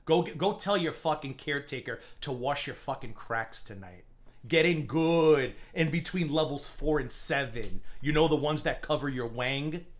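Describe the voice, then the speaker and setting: A man's voice: fairly high pitch, moderate pace. A male livestream host delivering a profane, taunting rant at someone.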